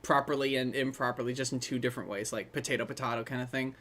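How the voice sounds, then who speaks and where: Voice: mid-range voice, fairly even intonation, fast, a bit bright. A host talking through a film in a casual commentary, rambling and chatty, with many side remarks. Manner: rambling, chatty, trailing off into asides.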